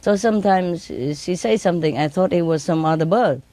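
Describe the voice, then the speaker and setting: A woman speaking English with non-native grammar, telling laughing stories about her birds and mimicking them in a high voice. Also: normal speed, mellow, no echo. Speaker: bird owner telling stories. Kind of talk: casual storytelling.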